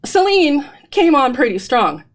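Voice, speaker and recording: A woman co-host talking through a fan theory in a loose podcast chat. Her voice sits a little high, and she talks eagerly with many fillers and quick asides. She sounds a bit breathless from the excitement. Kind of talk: casual fan discussion.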